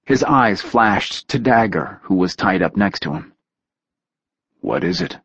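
A man reading a story aloud in a steady, measured narration. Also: fairly low pitch, slightly rough, no echo, lo-fi sound. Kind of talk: audiobook narration.

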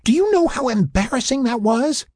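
A man's voice: high voice, huge pitch swings, extremely slow, warm tone, breathy edge, no echo, clean studio sound, pitched above the performer's own voice, heavily acted. A male narrator voicing an embarrassed, furious young woman who scolds shrilly. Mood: mortified, scolding.

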